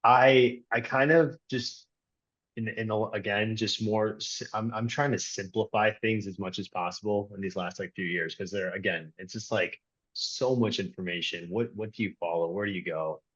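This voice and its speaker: A man's voice: fairly low pitch, steady tone, moderate pace, fairly bright tone, breathy edge, muffled recording. A man, a strength coach and podcast guest, talking casually and rambling with lots of restarts and fillers. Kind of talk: casual conversational interview.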